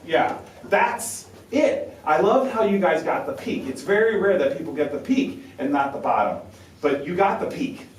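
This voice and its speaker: A man's voice: a little high, lively intonation, normal speed. A man coaches a saxophone quartet in a chatty, encouraging way and sounds out syllables for the players. His voice carries the echo of a roomy space and comes from some distance off the mic. A faint ambient hum sits behind him. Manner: talkative, encouraging, demonstrates syllables aloud.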